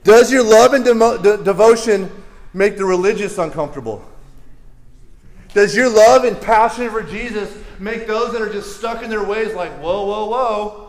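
A young man preaching a lively, joking sermon in a church, leading the congregation in call-and-response. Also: high-pitched, normal speed. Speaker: youth pastor.

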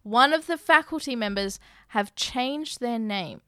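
Bright clear-voiced woman recapping a film. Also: fairly high pitch, a little slow, no room sound, studio quality. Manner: relaxed, narrates plot steps with fillers. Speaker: podcast co-host. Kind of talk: casual chat recapping a film.

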